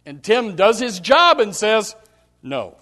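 A man's voice: fairly high pitch, expressive, measured pace. A male pastor preaching a sermon, emphatic and direct with the congregation, repeating his key phrases. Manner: speaks straight to the congregation.

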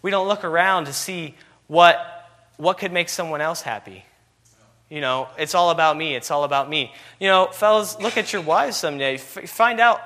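Man, preacher, sermon, forceful bright tone, repetitive rhetorical questions. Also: sits high. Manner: repetitive rhetorical questions, constant "you know".

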